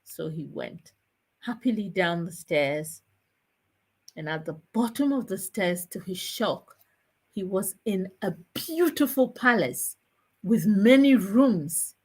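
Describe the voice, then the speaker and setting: A woman from Ghana, hosting a chat show and telling a folk tale with a moral in an expressive, deliberate way. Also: medium pitch, husky. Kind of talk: storytelling with a moral.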